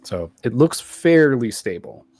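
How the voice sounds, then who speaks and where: A man's voice: medium pitch, big pitch swings, measured pace, darkish tone. A man narrating as game master of a tabletop game, rambling with many fillers. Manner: rambling, full of "like" and "um".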